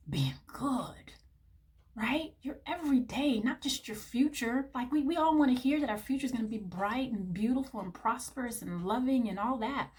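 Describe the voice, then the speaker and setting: A woman's voice: a little high, a little mellow. A woman giving a tarot reading to her viewers, gushing and affectionate, calling the listener honey and baby. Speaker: tarot reader.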